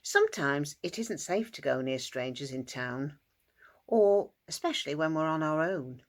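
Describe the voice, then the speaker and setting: A woman telling a Bible story to primary school children in an expressive storytelling voice. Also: moderate pace. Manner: expressive, shifts into squeaky character voices and shouts.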